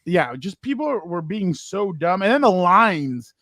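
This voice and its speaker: A man's voice: sits high, big pitch swings, measured pace, fairly bright tone, dry recording, studio quality. A man co-hosting a casual sports podcast, telling stories animatedly and acting out the voices of people he quotes. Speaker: podcast co-host.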